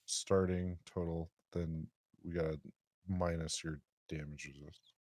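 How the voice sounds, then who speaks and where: Deep-voiced man running a tabletop game. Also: little pitch movement, a little slow, darkish tone, dry recording. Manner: patient, explains rules step by step. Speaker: dungeon master.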